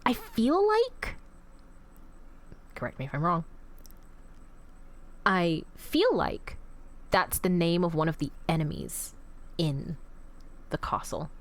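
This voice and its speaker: A woman's voice: lowish voice, sing-song, slow pace, long pauses. A woman streamer rambling through emotional live commentary on a game, swearing freely and talking back to chat.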